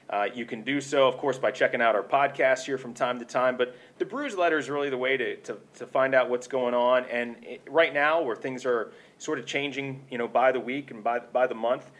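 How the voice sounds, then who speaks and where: A man hosts a casual podcast with a mid-pitched, everyday voice, chatty and joking as he rambles a bit between questions. His delivery is loose and friendly. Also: steady tone, a little fast, fairly bright tone. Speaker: podcast host. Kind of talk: casual chat.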